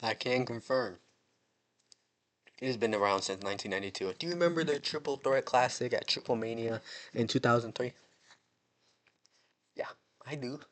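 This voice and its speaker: A man's voice: medium pitch, normal speed, pauses often. A young American man hosting a casual wrestling recap, joking and rambling as he talks. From United States. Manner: joking, rambling, mock-dramatic. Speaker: wrestling show recap host. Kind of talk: casual chat.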